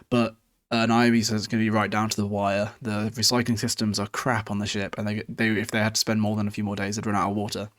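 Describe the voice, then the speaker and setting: A man casually recapping a novel chapter on his podcast, chatty and self-deprecating, swearing freely. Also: lowish voice.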